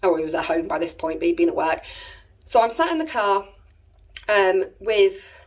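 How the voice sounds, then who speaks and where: English woman in her thirties, family vlogger, chatty and rambling, breathy tone, sits a bit back from the mic. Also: medium pitch, very animated, moderate pace. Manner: chatty, rambling, exasperated asides. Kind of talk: casual storytelling to camera. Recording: voice a little distant from the mic.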